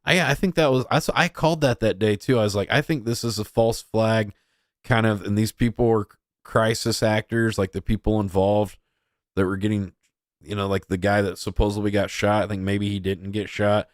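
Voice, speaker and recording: A man's voice: fairly low pitch, steady tone, fairly quick, no echo, clean studio sound. A young man hosting a podcast, giving rambling casual commentary full of filler words. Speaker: podcast host.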